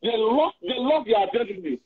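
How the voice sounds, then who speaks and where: A man's voice: high voice, animated, fairly quick, breathy edge. A man from Nigeria, hosting a heated opinion talk show in an indignant, repetitive, rambling way. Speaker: host. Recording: tinny phone line.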